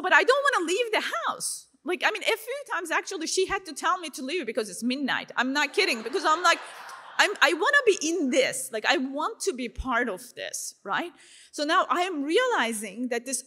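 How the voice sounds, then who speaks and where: A woman tells her life story to a crowd at a conference. Her voice sits a little on the high side, and she talks freely, filling her sentences with "you know" and "like". She acts out her own past thoughts as quick little asides. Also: fairly bright tone. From Turkey. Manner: frequent fillers like "you know" and "like". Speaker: speaker sharing her faith testimony. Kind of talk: conference talk to a live audience.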